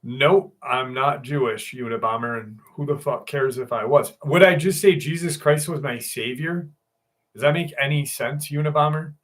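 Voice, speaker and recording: A man's voice: medium pitch, normal speed, fairly bright tone. A man in his sixties hosting a casual livestream from home, chatting loosely with viewers, greeting them by name and swearing freely. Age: 60s. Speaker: livestream host.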